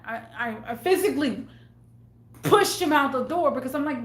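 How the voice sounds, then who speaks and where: At work in a store, a female retail worker tells an agitated, cursing story for a ranting storytime vlog, stammering into restarts. Her voice is on the high side and fairly bright, at normal speed, with a roomy sound.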